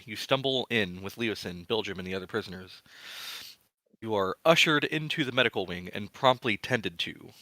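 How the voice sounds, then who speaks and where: A man's voice: fairly low pitch, sharp tone, no echo, low-quality recording. A man as game master who recaps a tabletop game session in a casual, rambling way with many fillers.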